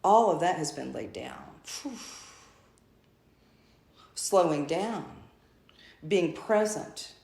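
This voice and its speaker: A woman's voice: deep voice, animated, slow pace, creaky, pauses often, darkish tone, roomy sound. A woman channeling a spiritual message to a group, speaking as a collective "we" in a repetitive, effusive way.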